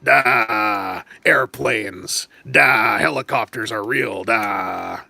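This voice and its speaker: A deep, drawling voice that mocks and grumbles, as a man puts on a friend's voice for a laugh. It sits well below his usual pitch. The sound is dry and close. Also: extremely slow, creaky, pushed and bright, no room sound, heavily acted. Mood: mocking. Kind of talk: live stream joke impression.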